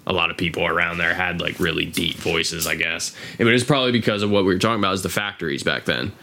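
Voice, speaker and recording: Low-voiced rambling American man. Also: fast, vocal fry, bright, forceful tone, a little hiss or hum. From United States. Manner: rambling, profane, filler-heavy. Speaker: podcast host. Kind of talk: casual chat.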